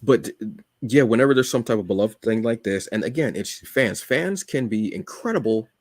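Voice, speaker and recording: A man co-hosting a podcast, chatting casually and rambling with lots of halting fillers. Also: fairly low pitch, expressive, a little mellow, dry recording, studio quality. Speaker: podcast co-host. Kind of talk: casual chat.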